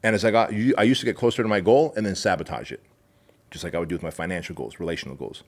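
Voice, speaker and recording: A man who is a guest on a podcast, talking forcefully and emphatically, swearing as he makes his points in casual chat. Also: sits low, very fast.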